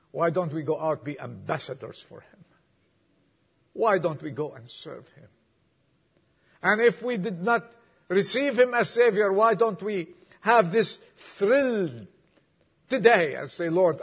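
Gravelly, husky preacher man, slow and soft. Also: sits high. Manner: reads poem softly, sinking to a whisper, then preaches with rising fervor. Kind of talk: sermon. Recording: dull lo-fi recording.

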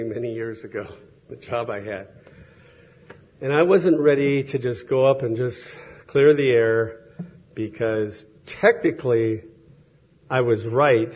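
Male preacher, husky mid-pitched voice, casual storytelling sermon, lo-fi recording. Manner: conversational, storytelling with quoted voices.

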